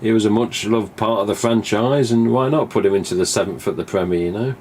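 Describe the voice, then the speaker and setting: A steady tone marks this English man's fairly low, a little mellow voice as he speaks fairly quickly on his live stream over a faint hiss or hum. The monologue wanders casually, full of offhand swearing and re-created conversations.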